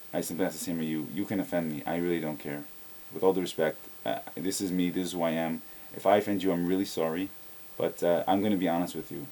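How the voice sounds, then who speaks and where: In a casual spoken video reply to a viewer, a video blogger gives blunt, opinionated answers, often repeating words as he starts a sentence. His voice is deep and mellow.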